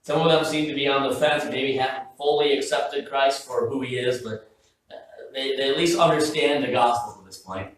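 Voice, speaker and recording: A man's voice: mid-range voice, fairly even intonation, moderate pace, heavy reverb, distant mic, rough recording. A man preaching a sermon as pastor in a casual, joking, conversational way, often stopping and restarting his sentences. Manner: conversational, joking, self-interrupting. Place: church sanctuary.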